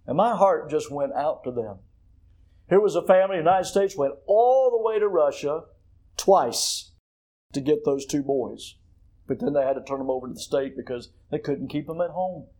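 A man's voice: on the high side, lively intonation, normal speed, rough recording. Emphatic preacher man. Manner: storytelling, swinging from hushed to loud emphatic questions. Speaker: pastor. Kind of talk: sermon.

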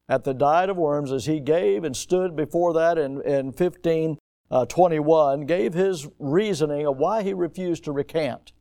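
A male pastor preaching an evening sermon. He slows down and presses hard on key words as he builds his points. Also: a little high. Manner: rising to emphatic, slowed-down stress on key words; quotes a historical statement aloud, then repeats it quietly.

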